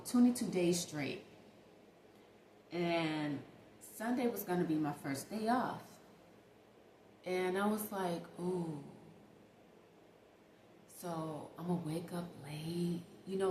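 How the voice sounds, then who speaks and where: A woman's voice: fairly low pitch, darkish tone, a little hiss or hum. A woman vlogger telling a story in a chatty, emphatic way, talking straight to her viewers. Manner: chatty, emphatic, addresses viewers as baby and y'all. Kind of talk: casual storytime monologue. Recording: echoey room with faint ambience.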